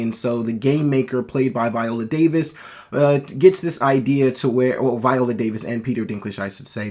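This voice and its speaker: A man talks through a movie review in a casual, unscripted way. He gets excited and rambles, often stopping to restart or correct himself. His voice sits at an ordinary middle pitch. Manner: enthusiastic, rambling with frequent restarts.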